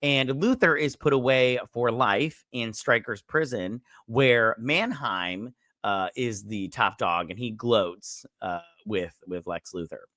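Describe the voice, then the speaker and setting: A man hosts a casual review with a bright, forward voice. He rambles through fillers and swears freely. The sound is close and dry. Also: medium pitch, slow pace, no room sound. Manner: rambling, filler-heavy, swears, acts out quotes. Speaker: show host reviewing a TV episode.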